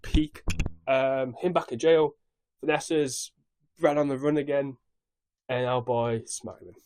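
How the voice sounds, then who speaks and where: A man's voice: mid-range voice, steady tone, measured pace, slight background noise. A young man casually recapping a show on his vlog in a scattered, rambling way, swearing freely. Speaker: YouTube recap host.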